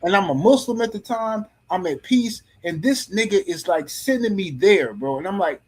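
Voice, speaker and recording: Husky middle-aged man telling a story. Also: high-pitched, moderate pace. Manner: animated, blunt and profane, with many restarts. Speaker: podcast panelist. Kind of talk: casual storytelling.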